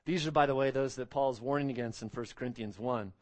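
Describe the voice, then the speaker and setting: A man's voice: mid-range voice, fast. A man preaching an expository sermon as pastor, earnest and emphatic, repeating phrases and stretching out key words.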